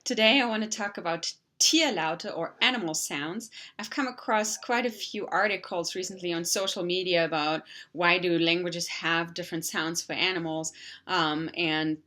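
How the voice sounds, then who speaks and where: A woman's voice: lowish voice, normal speed, bright, forceful tone. A woman in her thirties who grew up in Germany, with German as her first language, giving a casual language lesson and chatting with lots of ums and uhs.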